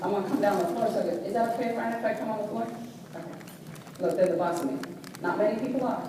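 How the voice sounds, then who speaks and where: A middle-aged woman speaker telling a personal story to a live audience, animated and sassy, with preacher-like call and response. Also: mid-range voice, quick pace. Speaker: motivational speaker. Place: large hall with audience. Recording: echoey hall from far off, noisy.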